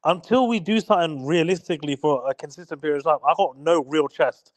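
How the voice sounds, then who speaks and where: A man's voice: fairly high pitch, fast talker. A young man bantering as a guest on a fan livestream, teasing and stumbling over repeated words.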